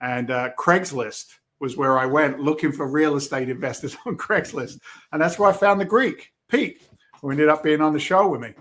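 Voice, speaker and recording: A man's voice: fairly high pitch, normal speed, fairly bright tone. A middle-aged man with a Boston accent, a podcast guest telling stories with energy, acting out the quoted lines and swearing casually. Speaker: podcast guest, real estate investor. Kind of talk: animated storytelling in conversation.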